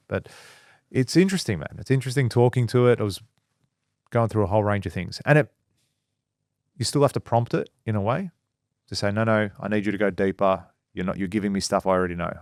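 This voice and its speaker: Male podcast co-host, low voice, dry room, casual storyteller. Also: quick pace, vocal fry, darkish tone, no room sound. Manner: storytelling, quotes people in dialogue. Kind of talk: casual chat.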